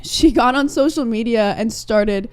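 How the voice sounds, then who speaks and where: Young woman, twenties, podcast co-host, casual chat, animated storytelling, smooth clear voice. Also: a little high, a little slow. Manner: animated storytelling, lots of fillers and laughs.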